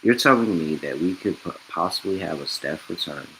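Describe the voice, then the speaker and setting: A man's voice: low voice, animated, normal speed, fairly bright tone, slight background noise, low-quality recording. A man hosting a sports betting podcast, talking casually and rambling, correcting himself as he goes and reading ads. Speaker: podcast host.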